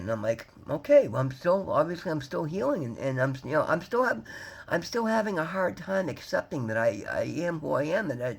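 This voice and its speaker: Husky fifty-something guy rambling to camera, talks quick and a bit high, keeps saying guys. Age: 50s. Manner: rambling, emphatic, addresses viewers as guys. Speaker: vlogger. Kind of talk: candid personal talk to camera.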